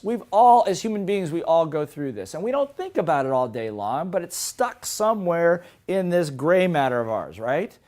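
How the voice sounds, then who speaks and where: A man giving a motivational business lesson, firing rhetorical questions at his audience and swinging between quiet asides and emphatic points. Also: fairly high pitch. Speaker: business coach.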